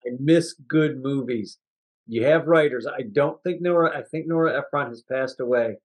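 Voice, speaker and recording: A man's voice: medium pitch, moderate pace. A man co-hosting a movie review podcast, chatting casually and acting out scenes from the film with laughter. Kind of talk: casual chat.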